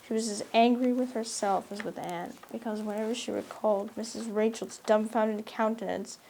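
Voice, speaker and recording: A woman narrating a classic novel aloud in a measured, expressive storytelling manner. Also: medium pitch, gravelly, slight background noise. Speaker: audiobook narrator. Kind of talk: scripted narration.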